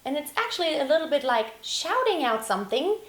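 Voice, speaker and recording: High, lively woman teaching singing. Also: a little fast. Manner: explains calmly, then breaks into sung and shouted examples. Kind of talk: vocal lesson with sung demonstrations. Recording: roomy echo.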